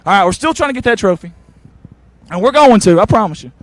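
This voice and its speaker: A man's voice: high voice, fast talker, no echo. Man, sideline reporter, eager and effusive, outdoors on a football field. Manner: excited, warm toward players, repeats "I'm gonna tell you something". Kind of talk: postgame field interviews.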